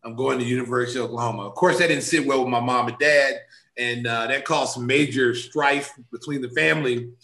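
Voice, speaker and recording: A middle-aged man, a former basketball player, telling stories in a sit-down interview, acting out what people said with big jumps in pitch. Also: a little fast, echoey room. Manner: animated storyteller, acts out quotes with big pitch jumps.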